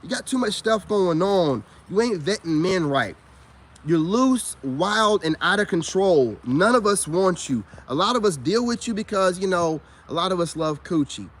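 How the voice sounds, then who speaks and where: High-voiced man ranting in casual slang. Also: normal speed. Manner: animated, preachy, rising to high-pitched exclamations. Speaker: vlogger.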